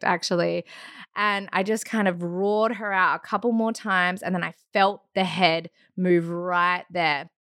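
A woman in her thirties chats as a podcast guest, telling her story with plenty of life, acting out sounds and laughing between lines. Her voice sits at a middling pitch, and the recording is close and dry with no room around it. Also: clear, resonant tone, no echo. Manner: animated, acts out quotes and sounds; laughs often mid-story. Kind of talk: casual storytelling chat.

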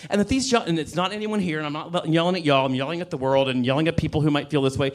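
A man's voice: fairly high pitch, steady tone, rapid-fire, hardly any pauses. A man in his fifties telling a sassy, campy, impassioned story on a comedy club stage. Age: 50s. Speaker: comedian and writer. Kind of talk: stand-up storytelling rant.

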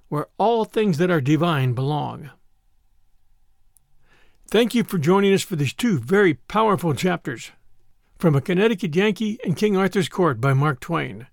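A man narrating a classic novel with an expressive, dramatic delivery, then speaking as the podcast host. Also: high-pitched, creaky, dry recording, clean studio sound.

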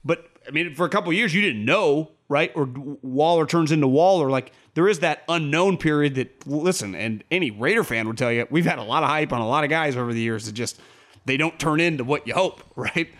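A man's voice: a little high, a little fast. Rambling male sports podcast host. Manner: rambling, animated, quotes people in a raised voice. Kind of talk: casual sports chat.

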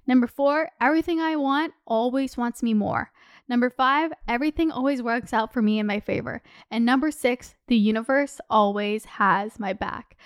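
A young woman in her twenties hosts her own solo podcast in loose, chatty talk, her voice high, smooth, and clear. She gets heated and passionate, peppers her speech with "like," and swears casually. The sound is close and dry, with no room echo.

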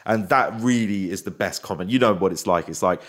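Animated man in casual chat. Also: sits low. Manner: animated, slips into quick impressions and voices. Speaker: guest.

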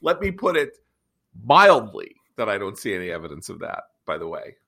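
A man's voice: lowish voice, huge pitch swings, normal speed, vocal fry, pushed and bright. A middle-aged man hosting a podcast, talking bluntly and heatedly in a ranting, casual debate. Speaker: podcast host.

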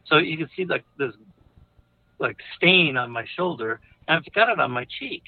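A man's voice: a little high, lively intonation, moderate pace, gravelly, no echo, narrow, tinny audio. A man telling a personal story in a rambling, hesitant way, with fillers, restarts and nervous laughs. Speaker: storyteller recounting a personal experience. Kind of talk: casual confessional storytelling.

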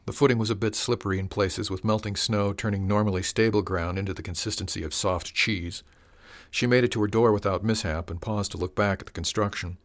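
A man narrating a story in a calm, measured, unhurried way. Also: lowish voice. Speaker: audiobook narrator.

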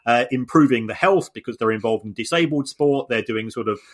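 A man's voice: mid-range voice, a little fast. A man co-hosting a podcast, explaining things in a casual discussion with frequent restarts and repeated words. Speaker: podcast co-host.

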